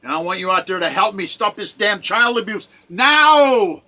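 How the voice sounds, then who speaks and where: A man giving an impassioned, preachy monologue, repeating phrases, swelling loud and then dropping to near quiet. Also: high voice, expressive, moderate pace. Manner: emotional, preachy, repetitive, with sudden swells and drops. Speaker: online commentator.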